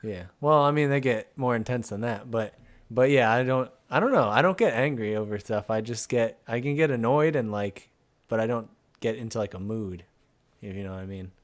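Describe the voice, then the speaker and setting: A man's voice: medium pitch, fairly quick. Laid-back young man, podcast co-host. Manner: laid-back, laughs often, short replies. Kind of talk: casual podcast chat.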